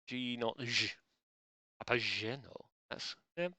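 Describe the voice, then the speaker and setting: A man's voice: mid-range voice, expressive, a little slow, pushed and bright, clean tone, no echo. A man hosting a live quiz in a casual, playful way, chatting and breaking off into joking asides. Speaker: quiz host.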